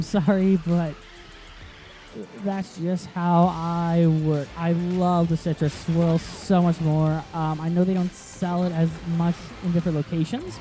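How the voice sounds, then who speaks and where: Chatty mellow-voiced man rambling over gameplay. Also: sits high. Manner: rambling, chatty, easily sidetracked, lots of ums. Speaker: gaming channel host. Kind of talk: casual let's-play commentary.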